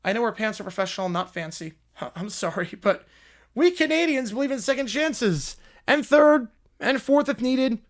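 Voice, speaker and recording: A man plays a flustered courtroom lawyer in a comedy sketch who cannot stop saying sorry. He stammers and restarts, nervous even when he tries to sound bold. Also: very high-pitched, normal speed. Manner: nervous, stammering, apologizes constantly. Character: bumbling, endlessly apologetic male defense lawyer.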